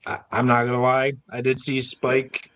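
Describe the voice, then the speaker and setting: A man's voice: mid-range voice, monotone, moderate pace, a bit bright, a little hiss or hum. A man who is a guest from a wrestling promotion, chatting casually in a joking, exasperated way. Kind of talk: casual chat.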